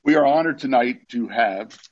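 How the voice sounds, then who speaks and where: A man's voice: medium pitch, moderate pace, slight background noise. A man from New Jersey emceeing a banquet, telling jokes in a folksy, repetitive way. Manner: folksy, joking, repeats himself. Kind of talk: after-dinner speech with jokes. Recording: slightly dull lo-fi audio.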